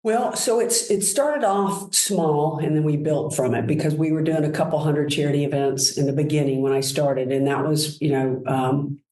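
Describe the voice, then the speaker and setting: A woman guest telling enthusiastic, animated stories about her work in a relaxed conversation. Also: low voice, normal speed, hardly any pauses, reverberant, low-quality recording. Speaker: guest, brand executive. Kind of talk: conversational storytelling.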